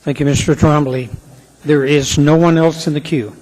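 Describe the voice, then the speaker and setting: Slightly high-voiced man chairing a council meeting. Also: fairly even intonation, a little mellow. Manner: brisk procedural calls. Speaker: assembly chair. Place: city council chamber. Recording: reverberant council chamber.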